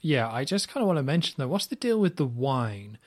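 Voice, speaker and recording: A man's voice: medium pitch, very animated, a little fast. A man co-hosting a podcast, chatting casually and enthusiastically about a spy film. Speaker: podcast co-host. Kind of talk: casual film review chat.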